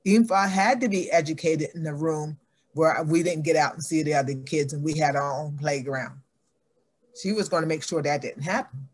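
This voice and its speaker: An older woman appearing as a guest athlete tells her life story earnestly, speaking fairly quickly in a low-pitched voice. She's animated and acts out her family members' voices as she goes.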